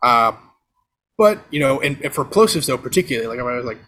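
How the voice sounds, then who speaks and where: In a laid-back explanatory chat over a video call, a podcast guest shows off audio gear by switching from webcam mic to USB condenser. He talks fast at a medium pitch, staying relaxed and chatty with plenty of fillers like "um" and "you know."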